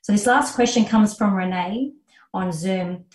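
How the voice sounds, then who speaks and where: A woman's voice: medium pitch, unhurried, darkish tone, recorded from a distance. A woman hosting a conference session, politely thanking the speaker and reading out questions. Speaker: conference host. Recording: roomy sound from off mic.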